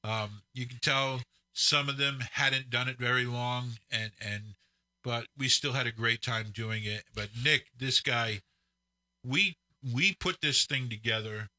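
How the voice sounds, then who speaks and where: A middle-aged man co-hosting a casual chat, recalling the past in a measured, reflective way. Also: mid-range voice, sharp tone, no room sound. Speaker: co-host.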